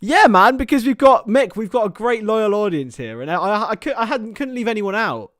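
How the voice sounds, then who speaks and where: A man's voice: high voice, expressive, brisk, a bit bright, no echo, studio quality. A young man hosting a live stream, casually commenting on a football match and chatting with viewers by name, laughing often.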